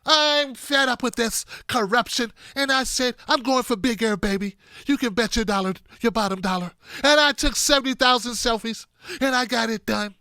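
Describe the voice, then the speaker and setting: A chirpy, squeaky older woman politician, folksy and prim, as a man puts her on. The voice sits very high and bright, with corny exclamations tumbling out. Dry close sound. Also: steady tone, moderate pace, clear, resonant tone, no echo, exaggerated voice.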